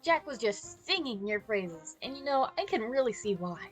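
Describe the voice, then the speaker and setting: A woman voicing a smooth, flattering male mafia boss while reading a visual novel aloud, speaking in a suave, sly manner. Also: on the high side, moderate pace, soft background music. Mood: charming.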